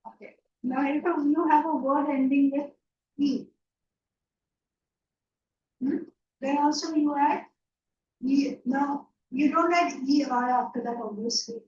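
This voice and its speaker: Teaching an online English grammar lecture from a room, a woman speaks slowly in a high, slightly mellow voice and pauses often. Dull, roomy, distant audio captures her patient checks for understanding, marked by frequent "yeah?" and "right?"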